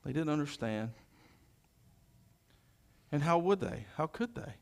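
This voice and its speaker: A man preaching a sermon, reading scripture verse by verse and then expounding, moving between loud proclamation and hushed quiet. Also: fairly high pitch, expressive, measured pace, vocal fry.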